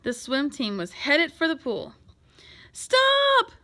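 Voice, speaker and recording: A woman reading a children's picture book aloud in an expressive, lively way. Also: high voice, normal speed. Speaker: storyteller.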